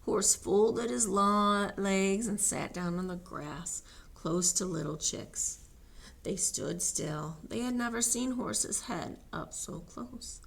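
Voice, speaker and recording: A woman, a library storyteller, reading a picture book aloud to children in an animated way and inviting them to join in. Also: mid-range voice, slow pace, creaky. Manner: animated, sing-song, coaxing children to join in.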